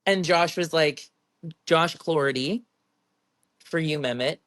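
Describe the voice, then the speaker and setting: A woman's voice: deep voice, slow pace. A young adult woman telling stories from her competitions in a casual interview, chatty and laughing often. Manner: chatty, giggly, animated storytelling. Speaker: professional strongwoman guest.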